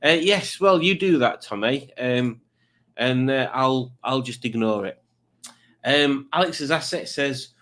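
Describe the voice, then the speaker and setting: A man's voice: mid-range voice, takes it slowly, fairly bright tone. A man hosting a casual live quiz stream, rambling along with jokey, self-mocking asides. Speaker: quiz show host.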